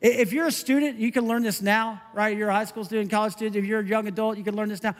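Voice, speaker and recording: High-voiced conversational male pastor. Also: fast, in a large hall. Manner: conversational, animated, self-interrupting with laughs. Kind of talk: sermon.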